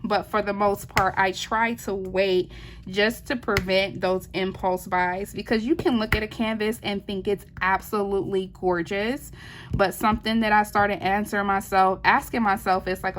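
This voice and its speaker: A woman's voice: medium pitch, fairly even intonation, normal speed, slight background noise. A woman, a wife and mother, chatting casually while she works on a craft. She answers viewer questions, laughs easily and keeps saying "y'all.". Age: adult, wife and mother. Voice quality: chatty, laughs often, says "y'all" a lot. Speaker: diamond painting channel host.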